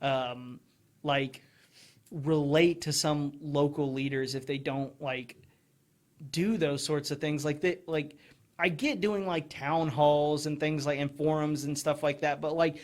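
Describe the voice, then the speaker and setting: A man talks through a casual podcast conversation in a slightly raised pitch. He speeds up as he rants and keeps slipping into mocking voices for the people he quotes. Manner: quick, animated, mocking voices when quoting people. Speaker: podcast host.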